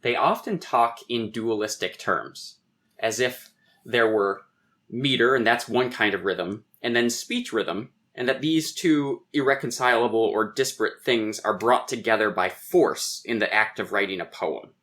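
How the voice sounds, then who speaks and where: A man's voice: mid-range voice, unhurried, fairly bright tone. A man, a poet and guest on a podcast, explaining verse meter in conversation, tapping out rhythms aloud and reciting lines of poetry.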